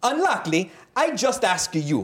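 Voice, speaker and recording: A man's voice: sing-song, moderate pace. A man reading out a letter in a put-on Italian accent, voicing an eager Italian fan in broken English. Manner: high, eager, sing-song.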